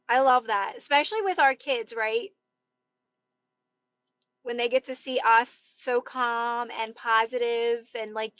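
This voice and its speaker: A woman's voice: fairly high pitch, a bit bright, no echo, lo-fi sound. A woman in her thirties with a Delaware County, Philadelphia-area accent, chatting casually on a live stream, rambling and greeting viewers. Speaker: TikTok live host. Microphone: phone.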